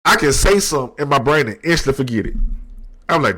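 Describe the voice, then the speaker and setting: A man in his thirties talking slowly and candidly into the mic at his desk, reflective and low-key, with slang and many restarts. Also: lively intonation, pushed and bright, breathy edge. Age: 30s. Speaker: podcast host. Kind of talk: candid personal monologue.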